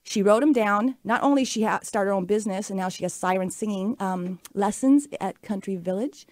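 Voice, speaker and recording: Her pace brisk and her pitch medium, the radio host, a woman in her late forties from the Pacific Northwest, shares a personal story from the studio. She sounds upbeat, earnest and chatty in this casual monologue, with no room sound.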